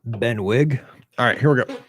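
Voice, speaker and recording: A man's voice: medium pitch, moderate pace, a bit bright, a little hiss or hum. A man hosting a live call-in podcast, chatting casually and greeting viewers one by one, sounding tired and humming to himself between remarks. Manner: chatty, upbeat, hums and mutters to himself. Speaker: podcast host.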